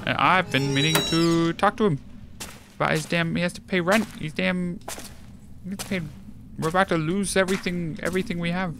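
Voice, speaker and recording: A man giving casual, profane, excitable commentary while playing a video game. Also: high voice, brisk, background noise. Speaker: let's play gamer. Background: game music.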